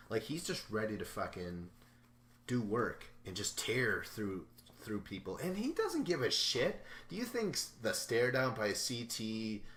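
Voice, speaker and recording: A man's voice: fairly low pitch, fairly bright tone. A man hosting a podcast, recapping a reality show in a loose, profane, rambling way and mimicking the people he talks about. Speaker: podcast host. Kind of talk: casual episode recap. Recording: roomy echo with faint noise.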